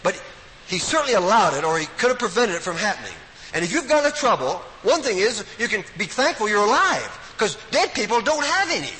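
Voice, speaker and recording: An older man giving a folksy, emphatic Bible talk as a preacher, swinging from loud emphasis to quiet asides. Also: sits high, fairly quick. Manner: animated, folksy, emphatic with sudden drops to quiet. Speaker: preacher at a Bible study week. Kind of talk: sermon-style Bible talk. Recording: hall reverb with faint noise.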